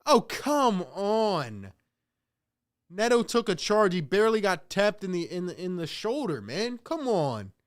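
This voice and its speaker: A man's voice: sits high, big pitch swings, normal speed, hardly any pauses. A man hosting a live play-by-play reaction stream, calling the game casually and venting in exasperation while he talks to his chat.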